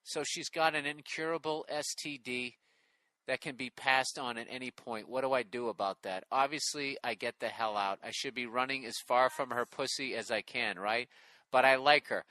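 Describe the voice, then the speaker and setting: A man's voice: mid-range voice, moderate pace, pushed and bright, no echo. Sarcastic, profane man reading emails aloud. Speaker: podcast host reading listener emails. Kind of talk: casual comedic podcast banter.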